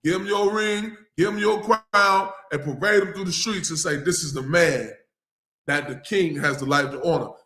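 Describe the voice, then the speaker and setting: An eager, scheming male courtier, put on by a preacher, rattles off his demands one after another. His voice sits a little high and sounds bright and pushy. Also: normal speed, roomy sound. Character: scheming male courtier giving the king advice.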